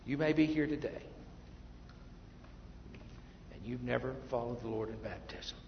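Gravelly-voiced preacher in an echoey hall. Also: male voice, medium pitch, fairly quick, slight background noise. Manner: emphatic preaching, dropping to quiet asides. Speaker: pastor. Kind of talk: sermon. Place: church sanctuary. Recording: muffled, echoey church hall.

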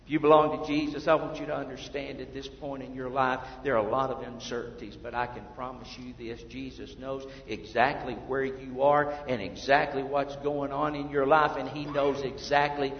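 A man preaching a sermon as pastor, swinging between hushed and loud passages. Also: medium pitch, level tone, moderate pace, hardly any pauses, a little hiss or hum. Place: church sanctuary. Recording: echoey hall from far off, dull lo-fi.

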